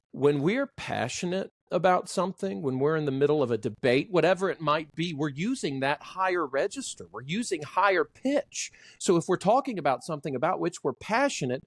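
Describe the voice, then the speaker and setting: A man speaking as a trainer in a casual podcast conversation, showing off vocal inflection with big pitch swings. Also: lively intonation, normal speed, no room sound, clean studio sound.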